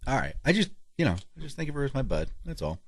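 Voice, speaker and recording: With a mid-range, sing-song voice and a fast pace, this man co-hosts a casual podcast and reads an ad. He keeps rambling and interrupting himself. The clean studio sound has no room sound.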